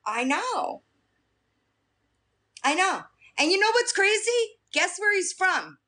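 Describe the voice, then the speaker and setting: A woman's voice: very high-pitched, slow. A woman from Staten Island with a New York accent, chatting casually with viewers on a live stream and laughing often. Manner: talks straight to chat, lively, laughs often.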